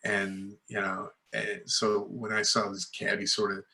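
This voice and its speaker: Bright-voiced man telling rambling stories. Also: lowish voice, completely flat delivery, unhurried, creaky. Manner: rambling anecdotes full of fillers and restarts; acts out other people's lines in a raised voice. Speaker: guest filmmaker. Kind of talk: casual storytelling in a podcast interview.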